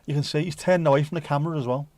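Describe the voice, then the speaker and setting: A man's voice: fairly high pitch, steady tone, racing, darkish tone, no echo. A man hosting a casual livestream who reads viewer comments in a jokey, rambling, playful way. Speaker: livestream host.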